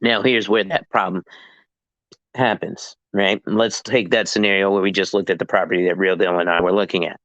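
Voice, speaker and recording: A man, a licensed real estate agent, explaining the business in a casual chat and acting out deals in quick asides. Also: deep voice, dry recording, lo-fi sound. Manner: animated, acts out dialogue in quick asides.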